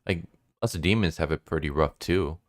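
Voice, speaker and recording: Casting: a man doing a laid-back teasing male demon, very deep voice, dry close sound. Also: normal speed, no room sound. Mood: casual. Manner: casual, teasing. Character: mocking male demon, later sympathetic and chummy.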